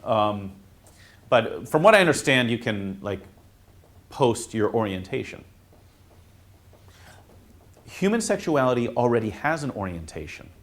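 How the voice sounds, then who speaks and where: A man, a priest, teaching students in a classroom in a casual, halting way, with many fillers and restarts. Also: mid-range voice, big pitch swings. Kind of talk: informal classroom talk.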